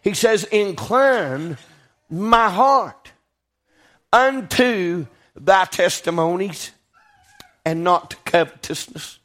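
A man preaching a sermon in a call-and-response style, often asking "Right?" and slowing down to stress scripture. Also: high-pitched, expressive, fairly bright tone. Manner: rising to emphatic peaks, slowing on scripture.

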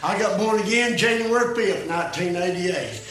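An older man preaching a fiery sermon about his own life, swinging from shouted peaks to low, quiet asides in a folksy, plain-spoken way. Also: lively intonation, moderate pace. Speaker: preacher giving his testimony. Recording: echoey room, voice from a distance.

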